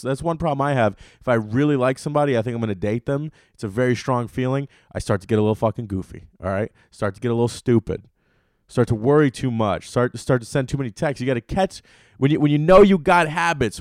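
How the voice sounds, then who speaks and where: A man's voice: medium pitch, smooth, dry recording, studio quality. A young man hosting a comedy podcast solo, ranting and telling stories in a loose, profane, rambling way. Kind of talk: casual solo podcast rant.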